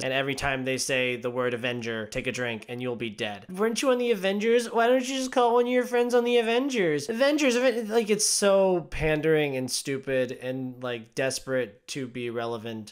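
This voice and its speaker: A man's voice: a little high, clear, resonant tone. A young man reviewing movies in a casual, blunt and sarcastic rant.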